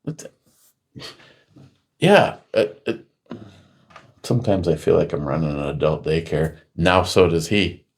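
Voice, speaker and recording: A middle-aged man with a fairly low voice holds forth on a casual talk show. He rambles through long anecdotes and throws himself into quoting others, his voice jumping up as he plays out each exchange. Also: expressive, a little slow, pauses often. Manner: rambling storyteller acting out quotes loudly. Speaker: podcast host. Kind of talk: casual chat.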